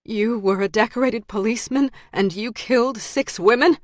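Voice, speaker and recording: A woman's voice: moderate pace, no echo, studio quality, close to an everyday voice. A woman doing a terrified, pleading young woman. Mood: frightened pleading. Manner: high, pleading, frantic. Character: terrified young woman facing her captor.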